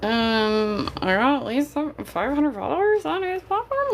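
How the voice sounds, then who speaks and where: A woman's voice: high voice, sing-song, a little slow, few pauses, noisy background. A woman streaming live, a mother chatting candidly with her viewers in a jokey, casual way and swearing now and then. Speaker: livestreamer.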